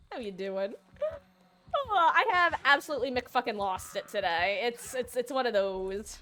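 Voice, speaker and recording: A woman's voice: fairly high pitch, lively intonation, unhurried, pushed and bright, a little hiss or hum. A young woman streaming a game, sleep-deprived and yawning, chatting in a rambling, giggly, self-deprecating way. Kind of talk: casual gaming stream chat.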